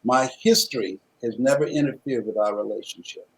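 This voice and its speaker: A man's voice: mid-range voice, a little fast, rough recording. Impassioned preacherly man telling a story. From Miami, Florida. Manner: preacherly, with rhythmic repetition and dramatic swings in loudness. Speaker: motivational speaker and guest.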